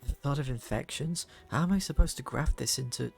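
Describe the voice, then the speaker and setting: A man voicing an excitable young woman inventor who talks in eager, loud bursts. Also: mid-range voice, slow pace, gravelly, husky, heavily acted. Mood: anxious. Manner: eager, exclamatory.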